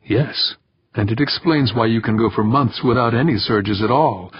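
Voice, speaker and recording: A man voicing a precise male mathematician who explains matter-of-factly with a sharp edge. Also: medium pitch, moderate pace, slightly rough, no room sound, lo-fi sound. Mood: explaining. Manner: matter-of-fact, slightly sharp.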